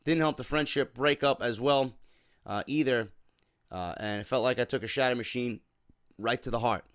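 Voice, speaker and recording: A man's voice: medium pitch, moderate pace, fairly bright tone, no echo, clean studio sound. A man hosting a wrestling show, reading a viewer's letter aloud and replying in a casual, sympathetic way, with many fillers and "man" tacked onto his sentences. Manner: casual, filler-heavy, says "man" often.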